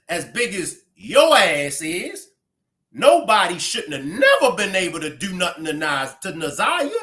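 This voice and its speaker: Male commentary host, scolding and profane, slow deliberate pace, very animated. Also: high-pitched. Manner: blunt and profane, scolding outbursts. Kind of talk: heated commentary.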